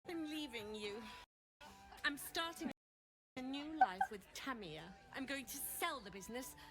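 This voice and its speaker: Melodramatic game heroine, theatrical soap-opera delivery, high voice, loud game music beneath. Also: female voice, expressive, normal speed. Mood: dramatic. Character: melodramatic woman walking out on her partner. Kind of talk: dating-game voice acting.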